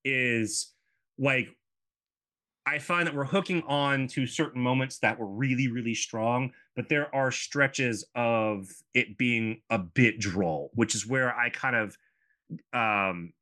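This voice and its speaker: A man in his thirties co-hosts a casual podcast chat, rambling through asides and using lots of fillers. His medium-pitched voice has a sharp tone, and he takes it slowly.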